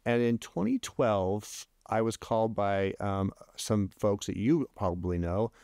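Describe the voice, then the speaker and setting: Lively storytelling man, low voice. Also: unhurried, no echo, clean studio sound. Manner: animated, many restarts, jumps higher when quoting himself. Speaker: podcast guest, LGBT advocate. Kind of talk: casual storytelling chat.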